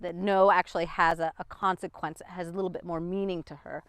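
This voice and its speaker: A woman's voice: fairly quick, clear, resonant tone, dry recording. A woman dog trainer talking outdoors while walking a dog and explaining her methods, a bit out of breath. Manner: chatty, swings up high for dog praise.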